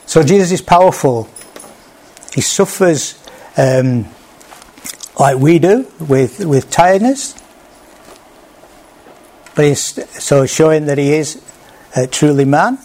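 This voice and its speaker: A man's voice: fairly high pitch, lively intonation, slow pace, long pauses, darkish tone. A man preaching a sermon in a plain conversational way, with small restarts. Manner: conversational, with small restarts, acts out quoted speech.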